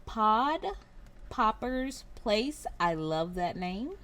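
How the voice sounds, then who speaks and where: A woman hosts her craft channel and announces the winners of a viewer giveaway. She speaks in an unhurried, deliberate way, reading each name and number with care. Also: mid-range voice. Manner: slow and deliberate, reading out names and numbers carefully.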